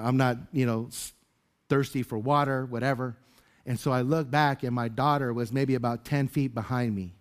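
A male pastor giving a conversational sermon, telling a personal story in an informal manner and addressing listeners as beloved. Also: medium pitch.

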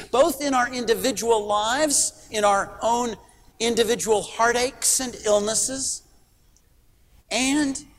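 A middle-aged man delivers a sermon, earnest and emphatic, leaning on rhetorical questions. His voice sits high for a man. The church hall gives a long reverb, with faint hiss underneath. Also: fairly bright tone. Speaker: pastor.

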